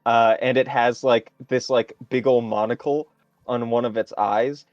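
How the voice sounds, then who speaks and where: A man narrating a tabletop game as game master, describing scenes in a halting, improvised way. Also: medium pitch, fairly even intonation, darkish tone, no room sound, highs cut off.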